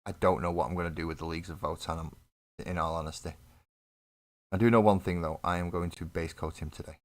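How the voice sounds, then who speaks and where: Low-voiced man, rambling banter. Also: fairly even intonation, quick pace. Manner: rambling, joking, self-deprecating banter with chat. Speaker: miniature painting streamer. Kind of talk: casual live-stream chat while painting. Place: home painting desk. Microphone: desk mic on live webcam stream.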